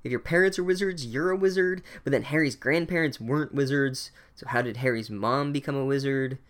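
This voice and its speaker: Sarcastic deadpan man. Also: medium pitch, brisk. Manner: deadpan, sarcastic, profane asides. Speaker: book recap comedian. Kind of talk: sarcastic comedic book recap.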